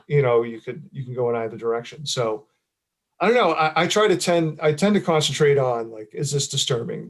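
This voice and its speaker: A middle-aged man speaks in an easygoing, conversational way, pitched squarely in the middle of the male range. He meanders through his thoughts, restarting phrases and scattering fillers as he goes. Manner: rambling, many fillers and restarts, laughs often. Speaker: author. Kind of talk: casual interview chat.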